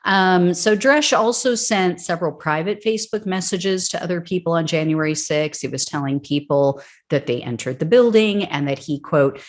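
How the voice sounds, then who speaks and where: A woman with a notably low-pitched voice hosts a political news show. She walks through court records in a steady commentary, reading quotes aloud and adding dry, sarcastic remarks between them. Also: normal speed, few pauses. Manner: wry, sarcastic asides between read-out quotes.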